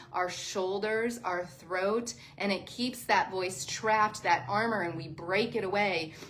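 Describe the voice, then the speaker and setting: A woman who teaches sound healing and yoga, giving a soft, heartfelt livestream talk to her viewers. She sounds close to tears. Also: medium pitch. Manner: soft, emotional, heartfelt, addresses viewers as "you guys". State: near tears.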